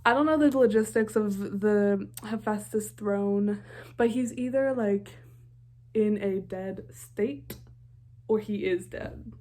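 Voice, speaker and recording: A young woman talks through a TV episode in a casual, gushing reaction vlog. Her voice is warm and soft-edged, and her sentences tumble out full of "like" and restarts. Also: mid-range voice, takes it slowly. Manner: gushing, heavy on filler "like". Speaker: TV reaction vlogger.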